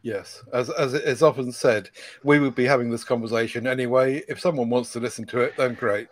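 A British man guests on a casual podcast. He speaks at a middle pitch in a polite, understated manner. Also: steady tone, fairly quick.

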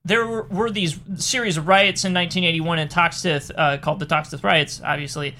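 A podcast co-host from the United States talks through a horror film's plot in a loose, rambling way, doubling back on half-finished sentences. The voice sits in a middle register with a bright, sharp edge. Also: mid-range voice, steady tone, brisk. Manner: rambling, with many restarts and fillers. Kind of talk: casual chat about a horror film.

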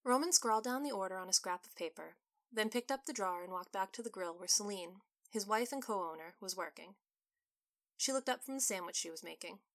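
Woman storyteller, scripted narration, bright clear tone, mid pitch. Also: animated, a little fast. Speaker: author and storyteller.

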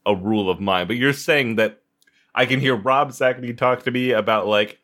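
A man co-hosting a podcast in casual chat, reacting with swearing and loud, cackling laughter. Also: mid-range voice, moderate pace. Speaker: podcast co-host.

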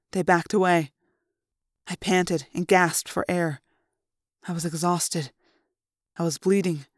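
A fan reader narrating a sci-fi audiobook in steady storytelling style, rising for dialogue. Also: medium pitch, clean tone, no echo, studio quality.

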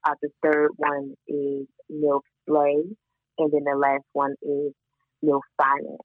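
A woman with a Baltimore accent talking casually as a podcast guest, emphatic and quick to laugh. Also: deep voice, no room sound, phone-quality sound. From Baltimore, USA. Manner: animated, emphatic, laughs often. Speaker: podcast guest, founder of a moms' community. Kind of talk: casual chat.

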